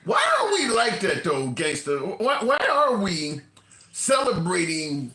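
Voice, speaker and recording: A man's voice: high voice, huge pitch swings, takes it slowly, bright, forceful tone, roomy sound. A man hosting a casual interview chat, asking questions and pushing back on his guest. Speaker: host.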